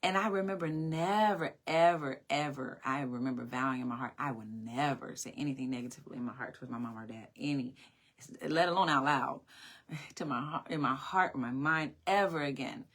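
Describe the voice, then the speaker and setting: A woman's voice: rumbling low, moderate pace, a bit bright. A woman telling a personal story in a sermon, earnest and reflective, often repeating her phrases. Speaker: speaker. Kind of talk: sermon-style personal testimony.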